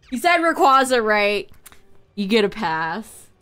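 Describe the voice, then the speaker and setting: A woman's voice: fairly high pitch, sharp tone, clear, resonant tone. A woman streaming to her chat, laughing and teasing as she repeats words in mock disbelief. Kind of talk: casual live-stream chat.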